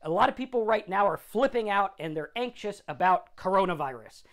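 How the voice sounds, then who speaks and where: A man's voice: high voice, lively intonation, fairly quick, a bit bright. A middle-aged man hosting a sobriety talk, speaking in an informal, conversational way and often checking in with "right?". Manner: conversational, tags lines with "right?".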